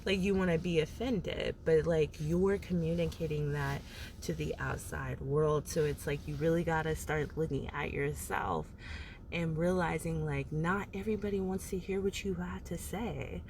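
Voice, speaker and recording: A woman with a deep, steady voice, a little mellow, speaks at a moderate pace over a faint hiss or hum. She's a motivational vlogger giving casual advice to camera, rambling and filler-heavy with frequent "like" and laughs between thoughts.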